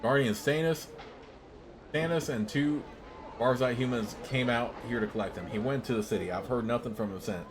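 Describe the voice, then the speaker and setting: A man's voice: mid-range voice, moderate pace, background noise, natural voice. A man voicing an anxious, overworked female innkeeper who speaks humbly and apologetically in a game's dialogue. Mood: timid. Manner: apologetic, timid and deferential.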